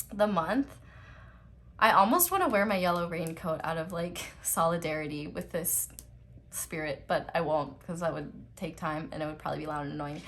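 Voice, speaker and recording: A woman's voice: on the low side, fairly bright tone. Giggly young woman doing a tarot reading at home, rambly and chatty, light background noise. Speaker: tarot reader. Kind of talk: casual tarot card reading.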